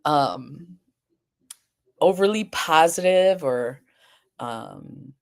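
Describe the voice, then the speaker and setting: Her voice sits low and expressive, stretching out her words. She's a groggy, sleepy livestream host who chats casually with viewers and the chat directly, rambling a bit with fillers and restarts.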